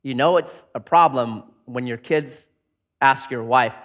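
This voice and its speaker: A pastor preaches a sermon conversationally, posing many rhetorical questions and acting out angry inner voices. His medium-pitched voice moves a little slowly.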